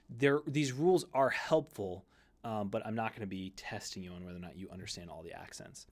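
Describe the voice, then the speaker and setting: A man's voice: medium pitch, animated, a little fast, fairly bright tone. A man teaching a Greek lesson in a conversational way, often correcting himself mid-sentence and using fillers. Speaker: seminary Greek instructor. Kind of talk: recorded lecture.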